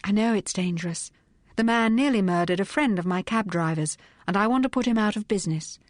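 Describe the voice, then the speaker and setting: A woman's voice: medium pitch, a little fast, no room sound, clean studio sound, natural voice. A woman doing a cool, assured lady detective. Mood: brisk. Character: glamorous, sharp-witted young woman detective.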